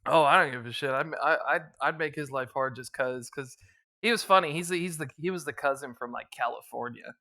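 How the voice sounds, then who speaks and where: A man's voice: mid-range voice, fairly quick, bright, forceful tone. A young man from the US East Coast hosting a podcast, telling crude, joking stories in casual chat. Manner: crude, laughing storyteller. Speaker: podcast host.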